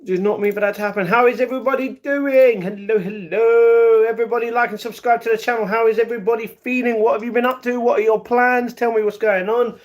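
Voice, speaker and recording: High-voiced British man chatting on stream. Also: fairly even intonation, quick pace, few pauses, lo-fi sound. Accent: British English. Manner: chatty, greets chat viewers by name; playful, breaks into improvised rap. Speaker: live stream host. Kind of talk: casual live-stream chat.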